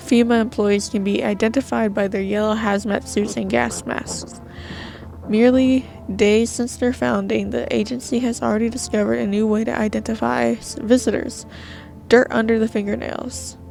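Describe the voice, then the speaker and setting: A woman's voice: fairly high pitch, vocal fry, a little mellow. A woman reading an in-game TV news broadcast aloud, stumbling now and then over words.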